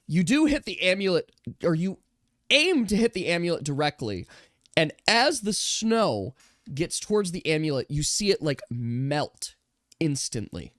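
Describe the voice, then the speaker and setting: A game master narrating a tabletop role-playing game in slow, drawn-out descriptions that sometimes drop to a hush. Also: medium pitch, very animated, dry recording, studio quality.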